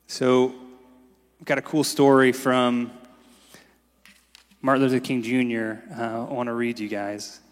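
A man's voice: mid-range voice, fairly bright tone. A man preaching a sermon as pastor in a casual, conversational way, often saying "like". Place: church sanctuary. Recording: long reverb in a large hall.

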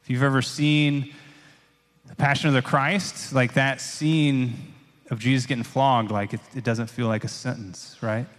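A pastor preaches a sermon in a loose, casual, conversational style, reading and explaining scripture while peppering his speech with "like" and "right?" His voice is mid-range and steady, his pace a little slow, and a long hall reverb fills the recording.

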